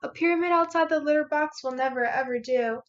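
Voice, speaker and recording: A fussy mother cat scolds with exasperation, as a young woman reading a storybook puts her on. Her voice sits high, and the recording sounds dull and lo-fi. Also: a little fast, natural voice. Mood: scolding. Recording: muffled lo-fi recording.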